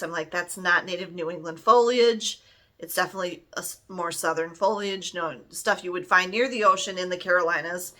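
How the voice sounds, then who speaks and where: A woman's voice: mid-range voice, pushed and bright. A middle-aged woman giving a casual, rambling movie review, laughing often as she talks.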